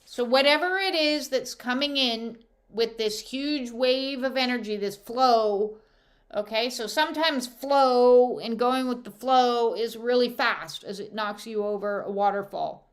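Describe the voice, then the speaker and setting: A woman's voice: a little high, measured pace. A woman speaking as an intuitive counsellor, giving a heartfelt spiritual guidance talk with emphatic repetition.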